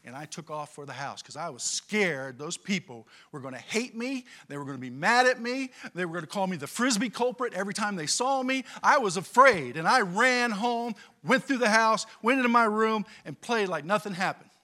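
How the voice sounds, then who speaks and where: Male pastor, middle-aged, bright tense voice, fairly high pitch, lively storytelling sermon. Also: moderate pace, few pauses. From California. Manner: animated storytelling, swings from quiet to loud.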